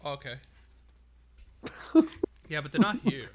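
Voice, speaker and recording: A man with a bright, forward voice trades easygoing, profane banter as a podcast co-host. He sounds laid-back, shrugs off jabs, and keeps calling his partner dude. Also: fairly high pitch, animated, slow pace. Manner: laid-back, defensive, swears casually, calls people dude.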